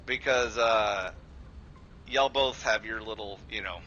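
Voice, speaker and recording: A man's voice: fairly low pitch, slow, sharp tone, lo-fi sound, a little hiss or hum. A man chatting casually during a gaming live stream, sarcastic and rambling, with plenty of swearing. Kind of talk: casual live-stream chat over gameplay.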